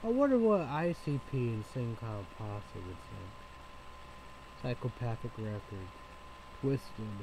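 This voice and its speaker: A man's voice: medium pitch, expressive, unhurried, background noise. A man talking in a loose, rambling vlog, circling back on himself and swearing freely. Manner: rambling, repetitive, with frequent swearing. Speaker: vlogger.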